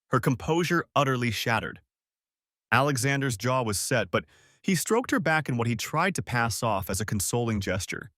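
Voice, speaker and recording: Guy reading a drama story, really lively pitch, dry close sound. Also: no echo. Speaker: story narrator. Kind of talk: scripted story narration.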